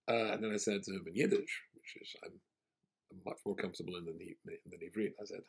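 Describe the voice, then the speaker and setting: Male rabbi, low gravelly husky voice, wry anecdotal storyteller. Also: fairly even intonation, fast talker. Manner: wry, anecdotal, self-deprecating. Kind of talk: storytelling talk.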